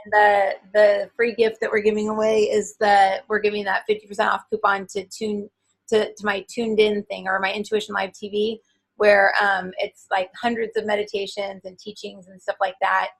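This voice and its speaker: A woman in her forties, a guest and author, chatting in an interview in an animated, enthusiastic way with lots of filler words. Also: medium pitch, moderate pace, vocal fry, low-quality recording. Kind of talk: casual interview chat.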